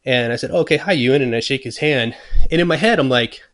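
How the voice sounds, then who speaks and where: A man of middle pitch tells a story in relaxed interview talk. He acts out his own thoughts and what others said, with plenty of ums and restarts along the way. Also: fast talker. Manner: many fillers and restarts. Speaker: guest luthier. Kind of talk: casual storytelling.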